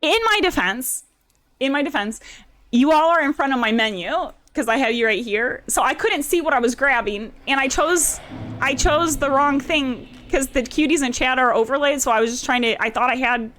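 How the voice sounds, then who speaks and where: A woman's voice: high voice, moderate pace. A young woman streaming a game live, chatting with her viewers and breaking into laughs and shrieks. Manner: giggly, excitable, shrieks at danger. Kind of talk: live gameplay commentary with chat.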